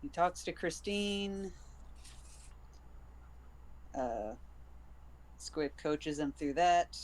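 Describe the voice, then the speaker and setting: Chatty man recapping a book, slightly high. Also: expressive, extremely slow, poor audio. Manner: chatty, amused, loose retelling. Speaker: streamer. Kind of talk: casual chat recapping a book.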